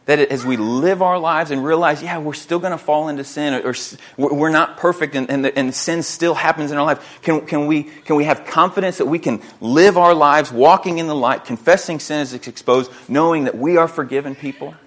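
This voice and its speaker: A man's voice: on the high side, brisk, few pauses. Earnest man preaching a sermon. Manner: earnest, repeats words while thinking, reads scripture aloud. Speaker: pastor.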